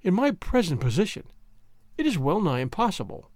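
A man's voice: high voice, sing-song, a little fast, a little mellow, no room sound. A desperate noblewoman begs for her brother's safety in a despairing, pleading voice, as a male narrator voices her. The line rises and falls freely in this storybook reading, heard in a dry, close space.

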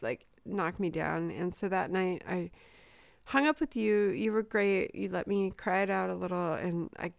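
A woman in her forties from Southern California speaks candidly about her week, her voice carrying a gravelly edge. The recording is dry and close. She talks in loose, emotional bursts with plenty of fillers. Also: fairly low pitch, measured pace, no room sound. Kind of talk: casual chat.

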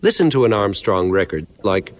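A man giving a clear, measured lecture that explains musical ideas step by step, sometimes counting out beats. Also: on the low side, very animated, big-room sound.

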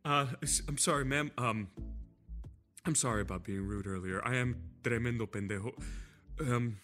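A man's voice: normal speed, a bit bright, soft background music, close to an everyday voice. An actor playing a flustered, exasperated man who stammers and fumbles his words. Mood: sheepish. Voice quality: stammering, high-strung.

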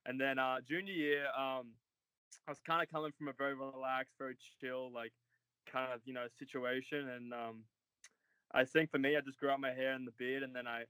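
A man's voice: mid-range voice, fairly even intonation, a little fast, pushed and bright, smooth, no room sound, rough recording. A young man in his twenties with an Australian accent, chatting loosely as a podcast guest, filling his answers with "like" and "uh". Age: 20s. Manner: laid-back and rambling, heavy on "like" and "uh". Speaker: podcast guest, college runner. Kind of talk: casual interview chat.

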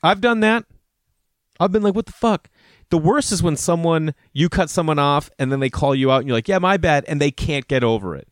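A man's voice: a little high, fairly quick, dry recording, clean studio sound. A man in his thirties telling rambling, profane stories in a casual monologue, acting out both sides of each conversation.

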